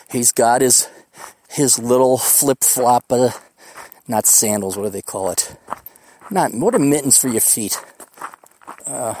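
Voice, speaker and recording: A man's voice: mid-range voice, a little mellow. Profane, rowdy man talking on a hike. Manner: profane, boisterous, jokey. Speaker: podcast host. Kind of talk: casual rambling monologue. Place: outdoors on a mountain hiking trail.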